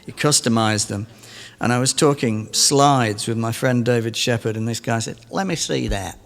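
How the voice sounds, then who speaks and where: A man's voice: mid-range voice, flat delivery, normal speed, long reverb tail. A middle-aged English man, a guitarist, telling a rambling, self-amused story between songs at a concert. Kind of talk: between-song stage anecdote. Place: concert stage in a museum.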